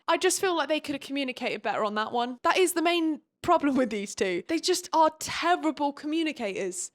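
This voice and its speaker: Young woman ranting about a book, kinda high voice, sarcastic and exasperated. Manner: sarcastic and exasperated, with frequent laughs. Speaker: book recap vlogger. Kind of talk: casual sarcastic book recap.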